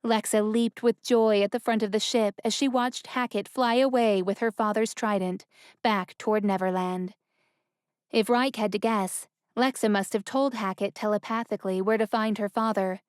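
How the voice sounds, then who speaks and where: A woman narrates a fantasy novel at a steady, even pace. Her voice is smooth and resonant at a middle pitch. The recording is dry and close, with no room sound. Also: no echo. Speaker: audiobook narrator. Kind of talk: scripted narration.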